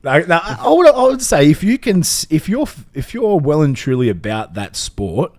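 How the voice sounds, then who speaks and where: A man's voice: a little high, sing-song, moderate pace, a little mellow. An Australian man co-hosting a casual podcast, laid-back and rambling, swearing freely. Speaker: podcast co-host.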